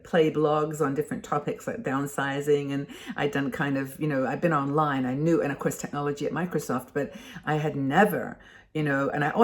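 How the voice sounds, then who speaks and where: Older lady host, low voice, kinda rambly, lots of um and restarts. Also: darkish tone. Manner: chatty and rambling, with many restarts and fillers. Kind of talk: casual talk to camera.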